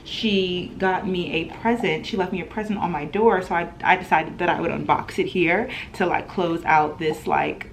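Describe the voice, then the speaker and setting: A young woman in her twenties telling an animated storytime in a home vlog, chatty and full of laughs. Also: fairly low pitch, moderate pace, few pauses, a little hiss or hum. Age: 20s. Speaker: vlogger.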